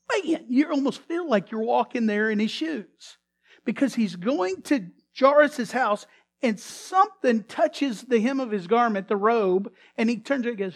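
A male pastor preaching a sermon who retells a story dramatically and often restarts or repeats his words. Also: extremely high pitch. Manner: dramatic storytelling, swinging between loud emphasis and hushed tones.

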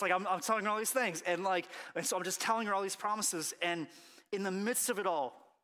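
Thirties male preacher, lively storyteller, bright and slightly high voice, drops to a hush, then surges. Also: fast talker. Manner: animated storytelling, acts out quotes, swings from hushed to loud. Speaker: pastor. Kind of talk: sermon with personal story.

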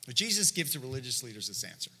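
A man's voice: mid-range voice, big pitch swings, racing, bright, forceful tone, breathy edge. A male preacher giving a sermon, conversational and explanatory, full of asides to the congregation, recorded with long hall reverb.

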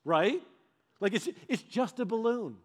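Unhurried and high-voiced, this pastor delivers his sermon like a conversation, with casual fillers and animated, acted-out little exchanges.

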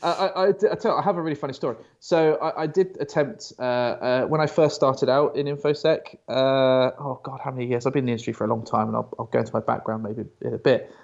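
A man's voice: medium pitch, fairly even intonation, fast talker, gravelly, hardly any pauses, a little mellow, dull audio. A British man chatting as an interview guest, often stammering and restarting, telling stories. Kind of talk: casual interview chat.

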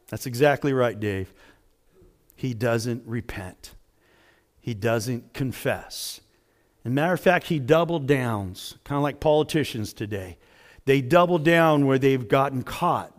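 A man preaching a sermon as pastor, dramatic, swinging between loud emphasis and hushed lines. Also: medium pitch, lively intonation, unhurried.

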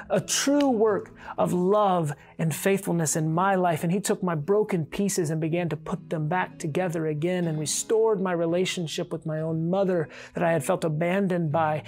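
An earnest male pastor preaches a heartfelt sermon, his voice carrying a gravelly, fry-tinged texture. He moves between quiet, intimate passages and fervent rising calls. A faint musical bed plays softly behind him. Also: sits high, moderate pace, faint music behind. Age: adult.

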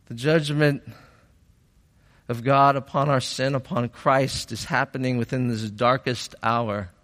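Slow, reflective male preacher in a reverberant hall. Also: mid-range voice, fairly even intonation, a bit bright. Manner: reflective, rising to fervent emphasis. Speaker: pastor. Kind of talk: sermon.

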